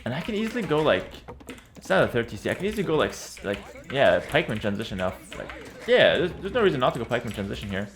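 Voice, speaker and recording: A man talking through his own strategy match in a laid-back, chatty way, at a mid pitch for a male voice. He trips over his words, repeats phrases and slurs a little, yet stays confident and easygoing. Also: big pitch swings, fast talker. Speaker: streamer playing a strategy game. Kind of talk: casual live gameplay commentary.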